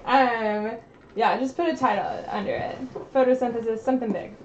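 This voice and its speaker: Chatty stream host lady at home, kinda high voice, laughs a lot. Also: fairly even intonation, moderate pace, a little mellow, highs cut off, a little hiss or hum. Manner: chatty, laughing, talking to chat while fixing tech. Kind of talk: casual live-stream chat.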